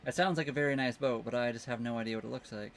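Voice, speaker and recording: A relaxed man with a middle-range voice chats casually to viewers, thanking them by name as he talks. He is on a small sailboat docked in a marina, heard through a phone camera mic with a faint hiss behind him. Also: mid-range voice, very fast. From Canada. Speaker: livestream co-host. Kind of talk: casual live chat.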